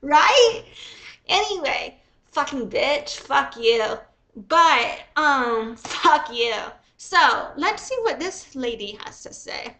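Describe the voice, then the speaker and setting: A woman streamer giving heated, profane livestream commentary with fast angry rants. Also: sits high, lively intonation, sharp tone.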